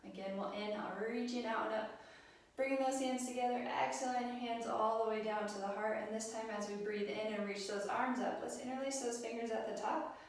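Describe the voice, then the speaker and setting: A woman leading a yoga class, speaking gently and encouragingly with frequent ums. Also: fairly high pitch, steady tone, fairly quick. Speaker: yoga instructor. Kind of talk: guided yoga class instruction. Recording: roomy echo, mic set at a distance.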